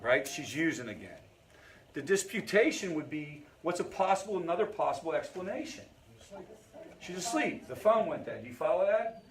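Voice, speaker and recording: Pitched high and expressive, his voice moves at normal speed. He runs a family recovery group and teaches conversationally, frequently checking on the audience and slipping in storytelling asides.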